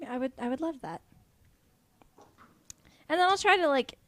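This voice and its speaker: A woman's voice: high voice, animated, moderate pace, fairly bright tone, dry recording. Woman playing her character, polite, eager, trips over words, dry mic. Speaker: player. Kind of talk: tabletop role-play.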